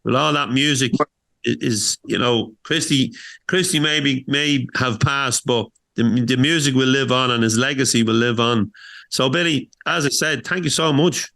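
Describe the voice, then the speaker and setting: A man's voice: medium pitch, normal speed, creaky, sharp tone. A man hosting a casual podcast interview, speaking with hesitant fillers. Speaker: podcast host.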